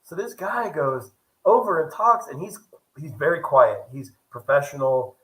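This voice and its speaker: Telling a story in a casual vlog, this young man speaks at normal speed with a fairly high pitch, animatedly performing everyone else's dialogue as he goes. The audio is low-quality.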